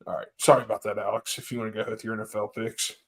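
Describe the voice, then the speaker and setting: A man's voice: on the low side, level tone, rapid-fire, fairly bright tone. A man hosting a sports betting podcast, reading out picks and agreeing easily, with frequent laughs. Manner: laughing, agreeable, passes the floor. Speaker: podcast host. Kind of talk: casual sports betting talk.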